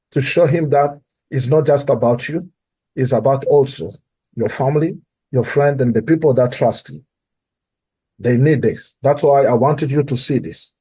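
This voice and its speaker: A man's voice: mid-range voice, mellow, breathy edge. Earnest man with an African accent. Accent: non-native English. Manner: earnest, repeats key phrases for emphasis. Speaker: guest. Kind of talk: sales coaching talk.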